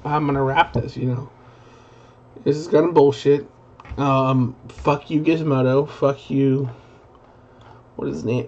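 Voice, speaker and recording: Rambling, profane man with higher voice. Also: darkish tone, breathy edge. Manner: rambling, profane, frequent restarts. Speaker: live-stream commentator. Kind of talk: rambling live-stream commentary. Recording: dull lo-fi stream audio.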